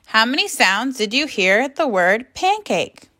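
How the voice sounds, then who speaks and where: A woman teaching a phonics and grammar lesson to young children, speaking slowly and carefully in an encouraging classroom manner. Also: a little high, big pitch swings, sharp tone.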